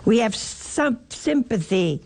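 Gravelly-voiced older woman preaching slowly. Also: a little high, big pitch swings, darkish tone. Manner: emphatic, rhetorical questions, repeats phrases. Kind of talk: sermon.

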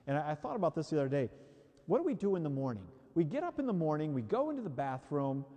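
A man's voice: medium pitch, mellow, in a large hall. A man giving a conversational sermon, acting out the voices he quotes. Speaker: preacher.

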